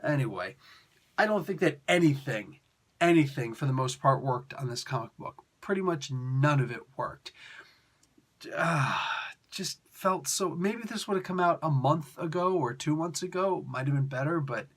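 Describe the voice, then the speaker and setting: A young man hosting a casual review, talking in an animated, sarcastic and exasperated way with slangy asides. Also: on the high side, moderate pace. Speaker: comic book reviewer.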